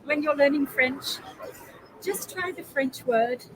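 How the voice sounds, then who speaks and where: A woman's voice: sits high, slow pace, crowd noise, rough recording. A woman, a guest on a casual webinar, telling stories in a reflective way and laughing easily. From Australia. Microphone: video call.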